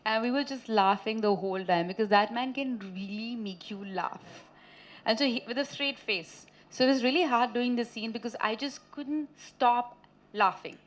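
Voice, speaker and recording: A woman in her thirties from India, an actress chatting with reporters at a press meet, telling lively anecdotes and laughing often. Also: a little high, moderate pace. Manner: chatty, laughing, animated storytelling.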